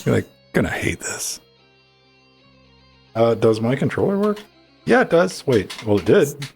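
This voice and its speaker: A man's voice: mid-range voice, sing-song, measured pace, gravelly, a little mellow, breathy edge, faint music behind. A man co-hosting a live gaming podcast, chatting in an offhand, distracted way while setting up a game. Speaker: podcast co-host. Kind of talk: casual live gaming chat.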